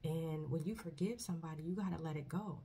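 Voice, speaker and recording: A vlogger shares a personal faith testimony to camera in a low, dark, husky voice. She is earnest and soft-spoken, often pausing and restarting her sentences.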